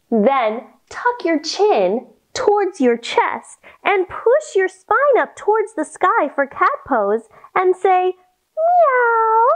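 A young woman leading a guided yoga storytime for children, cheerful and encouraging as she talks young kids through each pose. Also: sits high. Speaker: kids' yoga teacher.

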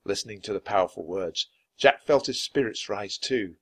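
Guy reading a kids chapter book out loud, clear and expressive, lots of ups and downs. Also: fairly low pitch, normal speed. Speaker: storybook reader. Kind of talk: read-aloud children's book narration.

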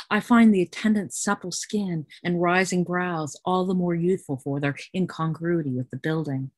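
An American woman poet reading her poems aloud in a measured, deliberate way. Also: lowish voice, no echo. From United States. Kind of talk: poetry reading.

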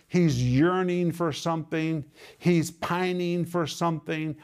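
A man's voice: on the high side, darkish tone. Emphatic man teaching a sermon. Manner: emphatic, slows down to stress key words; explains Greek word meanings step by step. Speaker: Bible teacher and TV minister.

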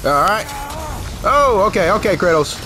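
A man commentating his own gameplay, excitable, cursing and shouting at the game. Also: high voice, normal speed, background noise. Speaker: gameplay streamer. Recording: game music and sound effects behind the voice.

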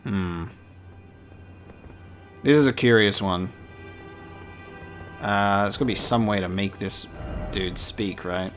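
A man's voice: on the low side, takes it slowly, long pauses, a bit bright, soft background music. A man doing casual let's-play commentary, chatty and joking, swearing when surprised. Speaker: gaming video host.

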